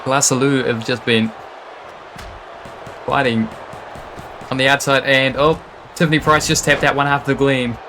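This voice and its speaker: A man calling a wrestling match live, rattling off moves between gasps and exclamations. There is clear background noise under his voice from a live stream mix. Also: medium pitch. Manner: fast reactive play-by-play, frequent gasps and exclamations. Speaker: play-by-play commentator. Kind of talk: excitable wrestling commentary.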